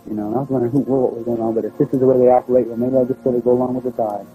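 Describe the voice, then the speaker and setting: A man telling a personal story in a plain, halting, conversational way. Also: mid-range voice, little pitch movement, phone-quality sound, soft background music. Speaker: storyteller recounting a personal experience. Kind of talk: first-person spoken recollection.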